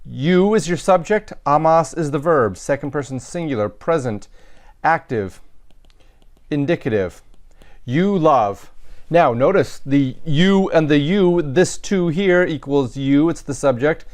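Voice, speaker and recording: A Latin teacher with a fairly high, expressive, slightly mellow voice speaks a little slowly in a recorded lecture. He walks through sentences step by step in a methodical way, with some fillers and self-corrections.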